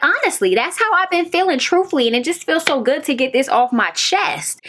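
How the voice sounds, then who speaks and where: Young woman, TV review vlogger, fairly high voice, emphatic, repeats herself, casual chat to viewers. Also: a bit bright. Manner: emphatic, repeats phrases, talks straight to viewers.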